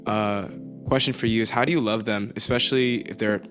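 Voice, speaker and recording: A man hosting a podcast with a fairly low voice, asking his guest easygoing, thoughtful questions. His manner is laid-back and conversational, with faint music behind him. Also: fairly even intonation, a little fast, fairly bright tone. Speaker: podcast host. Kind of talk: casual podcast interview.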